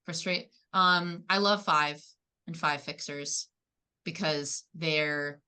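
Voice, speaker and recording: A woman chatting casually in a group discussion, animated and full of fillers. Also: deep voice, slow pace, clean tone. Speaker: panel guest.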